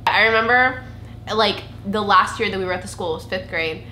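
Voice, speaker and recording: Young woman vlogging, bright voice, kinda echoey room w faint hiss. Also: mid-range voice, moderate pace. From Georgia, United States. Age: young adult. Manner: chatty storyteller, animated. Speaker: YouTube vlogger, channel host. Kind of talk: casual chat with a friend. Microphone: camera mic.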